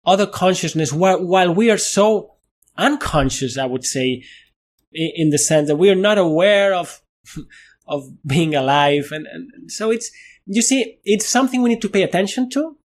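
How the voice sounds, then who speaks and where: A middle-aged man with a Spanish accent, speaking as a guest in a thoughtful interview, animated, often restarting his sentences and laughing at himself. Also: high-pitched, measured pace. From Spain. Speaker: guest, neuroscientist.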